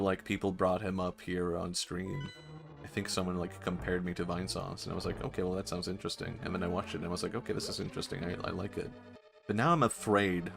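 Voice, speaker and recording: A man streaming a game, chatting casually and riffing on silly ideas with frequent laughs. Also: sits low. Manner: rambling, giggly, riffing on silly bits. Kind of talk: casual gameplay chat.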